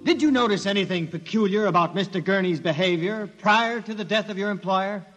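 Courtroom prosecutor, 1950s radio drama, questioning, music behind. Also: male voice, sits high, fairly bright tone, highs cut off. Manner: questioning, deliberate. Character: probing male prosecutor. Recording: reverberant radio recording with music.

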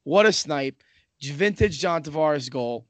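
This Islanders fan talks hockey on a podcast in a slightly higher, animated voice at a measured pace, rambling, cursing freely, and interrupting himself. He keeps returning to points he's already made. The sound is close and dry, with no room around it.

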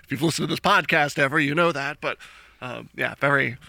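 A man with a bright, slightly high voice co-hosting a casual sports podcast. He talks in an animated way, laughing often and mimicking announcers. The recording is dry and close. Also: brisk, creaky, dry recording. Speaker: podcast co-host.

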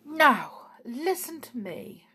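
A woman voicing a kind, gentle old lady neighbour who pleads softly. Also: sits high, sing-song, slow, voice pushed up, heavily acted. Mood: pleading.

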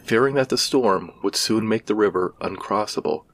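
A man with a fairly low voice tells an old ghost legend as scripted narration. His delivery is measured and somber, paced like a storyteller. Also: vocal fry, slight background noise.

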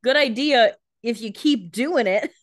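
A woman co-hosting a podcast in casual chat, with quick jokey reactions and frequent laughs. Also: a little high, dry recording, studio quality. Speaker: podcast co-host.

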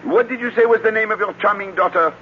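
A man's voice: sits high, fast talker, a little hiss or hum, close to an everyday voice. A man playing a fussy, polite Belgian detective with a French-speaking Belgian accent, in a 1940s radio drama, talking in a florid, precise way and dropping in French words. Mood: probing. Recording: dull lo-fi old radio recording.

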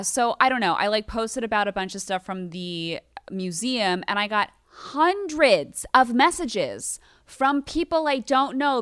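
A woman's voice: medium pitch, a bit bright, clean tone, dry recording, studio quality. A woman in her thirties co-hosting a podcast, ranting in casual, profane, exasperated chat. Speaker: podcast co-host.

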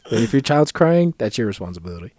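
A podcast co-host tells a story in casual, profane chat, acting out the people he quotes in a raised voice. His mid-range voice is very animated, fast and a little mellow, and the recording is dry.

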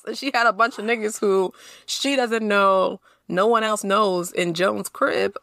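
A woman co-hosting a podcast, reacting to a TV episode in animated, blunt and slangy casual chat. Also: medium pitch, a little slow, creaky, no echo, studio quality. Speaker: podcast co-host.

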